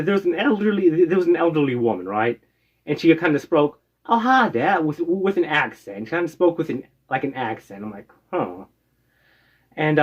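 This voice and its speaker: An American man casually telling stories from his past, rambling with lots of "uh"s and a habitual "right?". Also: fairly high pitch. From United States. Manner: rambling, many "uh"s and tag "right?". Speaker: storyteller. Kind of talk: casual storytelling. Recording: dull lo-fi recording.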